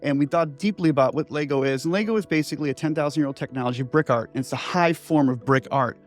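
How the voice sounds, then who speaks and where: A man's voice: a little high, quick pace, soft background music. A man in his sixties, an inventor telling his story in a loose, digressive interview chat full of "like" and "right?" asides. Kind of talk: rambling conversational storytelling.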